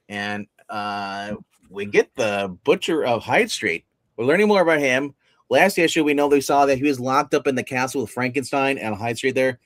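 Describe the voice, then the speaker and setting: A man on a casual comic review livestream, talking with lots of fillers and restarts and getting animated as he retells scenes. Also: mid-range voice, no echo. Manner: rambling, many fillers and restarts. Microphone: phone.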